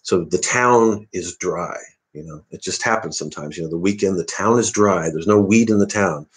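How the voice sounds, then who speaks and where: A man's voice: sits low, fast. A man from the American Midwest, rambling and digressing through a casual live-stream monologue. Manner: rambling, digressive, self-interrupting. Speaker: comedian hosting a live stream.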